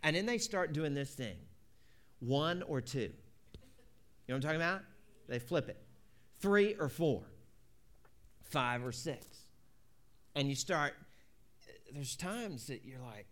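A man's voice: a little high, expressive, takes it slowly, pauses often, a bit bright. A man preaching a conversational sermon, telling stories in a folksy way and acting out both sides of a conversation. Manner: folksy, repeats "you know".

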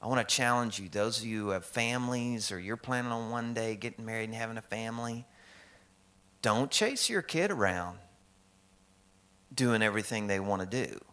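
A man's voice: fairly low pitch, normal speed, pushed and bright. A middle-aged man from the American South preaching a sermon in a conversational, joking way, acting out the people in his stories. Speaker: pastor.

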